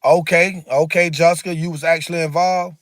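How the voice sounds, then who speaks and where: A man's voice: fairly high pitch, fairly even intonation, brisk, no room sound, studio quality. A man hosting a casual livestream, talking emphatically and repetitively in a preachy way while answering viewer comments. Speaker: livestream host.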